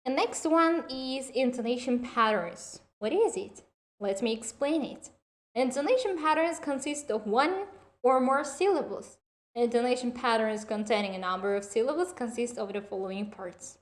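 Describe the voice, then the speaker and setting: A woman teacher giving a recorded lesson to her students. She talks in a deliberate, instructive way with slightly non-standard English phrasing, poses questions and answers them herself, and praises her class often. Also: a little high.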